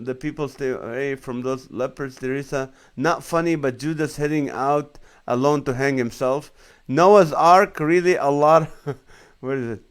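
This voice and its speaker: A man in his forties hosts a relaxed live stream as a comedian, reading viewers' comments out loud and laughing along with their jokes. His voice is smooth and clear, sitting at an ordinary middle pitch. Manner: jokey, reads comments aloud and laughs along. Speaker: comedian and show host.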